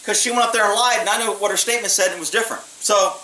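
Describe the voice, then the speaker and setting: Blunt ex-cop man, bright voice. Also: high voice, racing. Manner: blunt, streetwise, swears freely. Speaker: former police officer. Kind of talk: casual storytelling. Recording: echoey room, mic at a distance, faint hiss.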